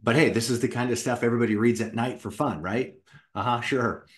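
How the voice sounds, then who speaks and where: A middle-aged man who writes children's books tells his personal story in an animated way and acts out what he said back then. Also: mid-range voice, brisk. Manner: animated, acts out his own past words. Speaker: children's book author and founder.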